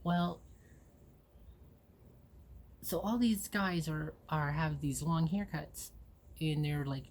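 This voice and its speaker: This woman in her forties from Ohio, USA hosts her own show, where she tells personal stories in a rambling, candid way, swears freely, and acts out what people said. Her voice is low and a little mellow, and she takes it slowly with long pauses. There's a little hiss or hum on the recording.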